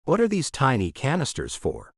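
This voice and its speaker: A man's voice: medium pitch, huge pitch swings, normal speed, husky, no room sound, studio quality. A man reading an audiobook, voicing a cheerful, curious young woman. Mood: bright, curious. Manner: bright, eager. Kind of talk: audiobook character voice.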